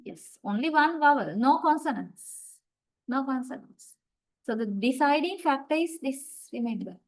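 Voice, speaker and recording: Patient woman lecturing, higher voice. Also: lively intonation, normal speed, poor audio. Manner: patient, explaining step by step with frequent "right?". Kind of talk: online university lecture.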